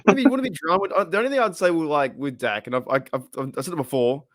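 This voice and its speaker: A man's voice: a little high, very fast, crowd noise. An Australian man hosting a casual livestream talk show, rambling with restarts and reading viewer comments aloud. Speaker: podcast host. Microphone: livestream microphone.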